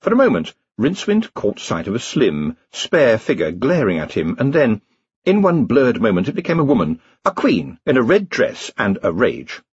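A man reading a novel aloud as an audiobook narrator, telling it in an expressive, dry comic way. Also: mid-range voice, moderate pace, breathy edge, no room sound, dull audio. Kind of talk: scripted narration.

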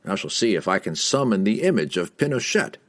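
A man reading an audiobook, voicing a courtly male wizard who speaks formally and slowly. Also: lowish voice, sing-song, a bit bright, no room sound. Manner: formal, slow, old-fashioned speech.

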